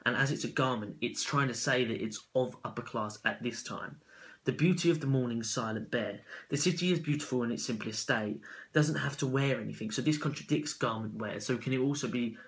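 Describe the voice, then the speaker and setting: A man giving an unscripted spoken analysis of a poem as a student, halting and correcting himself as he goes. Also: mid-range voice, a bit bright, rough recording. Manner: halting, with self-corrections and fillers.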